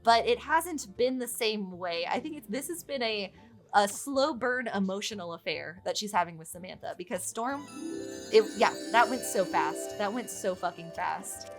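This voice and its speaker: A woman delivers let's play commentary in a chatty, excitable way, swearing freely. Her voice sits at a middling pitch but swings widely up and down as she reacts. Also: normal speed, faint music behind. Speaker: gaming YouTuber.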